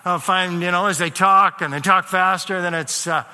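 A man's voice: a little high, steady tone, fairly quick, few pauses, bright, forceful tone. A man whose first language is German, preaching a sermon in a conversational way with asides and fillers. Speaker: pastor. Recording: long reverb of a large hall.

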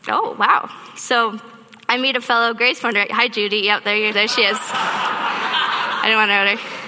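Woman preacher, bright ringing voice, fairly high, long church-hall echo. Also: moderate pace. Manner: animated storytelling, acts out her own thoughts. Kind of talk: sermon. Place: church auditorium. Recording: reverberant hall.

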